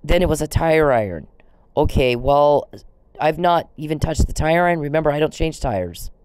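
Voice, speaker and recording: A woman's voice: low-pitched, expressive, normal speed, a little mellow, smooth, no room sound. A woman vlogging in a rambling, indignant to-camera rant, swearing freely.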